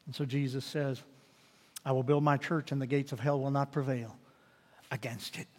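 A man preaching a sermon, animated and swinging from loud declarations to hushed, intimate pleas. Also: mid-range voice, normal speed, long reverb tail. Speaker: pastor.

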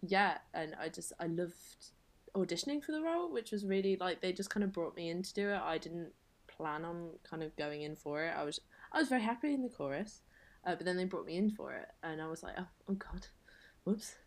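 A young woman talks as a podcast guest, her voice sitting on the low side. She is chatty and self-deprecating, trailing into fillers and quick laughs. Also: animated. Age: young adult. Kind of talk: casual podcast chat.

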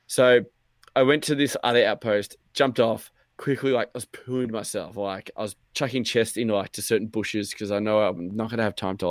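A man's voice: fairly low pitch, dry recording, clean studio sound. A young man co-hosting a podcast, telling a long story in rambling, swearing, casual chat and acting out his own thoughts. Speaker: podcast co-host.

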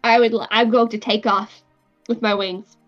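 A woman plays a tabletop game, firing off blunt questions about the rules. Her voice sits fairly high. The recording sounds dull and lo-fi, with faint music underneath. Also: steady tone. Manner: quick, blunt questions, swears casually. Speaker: player. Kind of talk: casual tabletop game play.

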